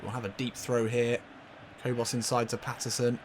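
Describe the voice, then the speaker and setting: A man commentating casually on his own football video game match, getting loudly excited and laughing at near misses. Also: medium pitch, moderate pace, slight background noise. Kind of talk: casual let's-play commentary.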